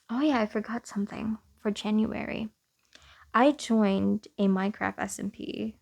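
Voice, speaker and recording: A woman's voice: medium pitch, creaky. A young woman casually talking through her year in a vlog, chatty and self-deprecating, often laughing at herself. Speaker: vlogger.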